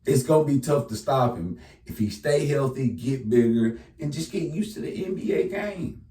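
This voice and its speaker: A man's voice: mid-range voice, animated, moderate pace, warm tone, recorded from a distance. Chatty man in an echoey room. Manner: casual, chatty, talks straight to the viewer. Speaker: sports commentator. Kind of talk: casual sports reaction monologue.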